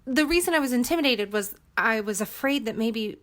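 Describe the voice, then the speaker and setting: A woman talking casually on a podcast, chatty and quick to laugh. She often jokes at her own expense. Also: on the high side, lively intonation, fairly bright tone. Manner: chatty and giggly, self-deprecating. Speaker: podcast cast member. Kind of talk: casual chat.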